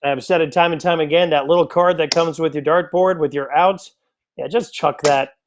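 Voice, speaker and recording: High-voiced chatty darts commentator man. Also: steady tone, moderate pace, a little hiss or hum. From United States. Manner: chatty, joking asides to viewers. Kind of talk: live sports commentary.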